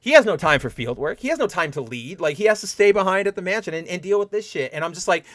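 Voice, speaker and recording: A man hosting a casual review show, animated and profane, acting out scenes in mock voices. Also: high-pitched, fast talker, few pauses, no echo, studio quality. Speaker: podcast host.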